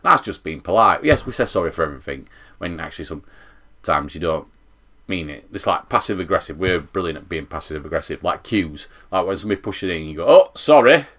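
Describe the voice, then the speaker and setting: A man with a South Yorkshire accent, chatting casually to camera in a rambling, animated vlog. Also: low voice, fairly quick. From England. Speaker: vlogger.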